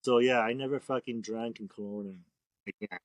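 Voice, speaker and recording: A man's voice: medium pitch, steady tone, fairly quick, no echo. Laid-back, foul-mouthed man telling stories. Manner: laid-back, profane, rambling. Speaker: tattoo artist guest. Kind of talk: casual storytelling interview.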